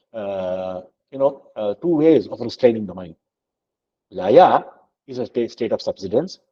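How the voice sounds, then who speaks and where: A man teaching a scripture lesson, explaining slowly with many fillers and chanting verses. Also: mid-range voice, mellow, breathy edge, dull audio. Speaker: spiritual teacher.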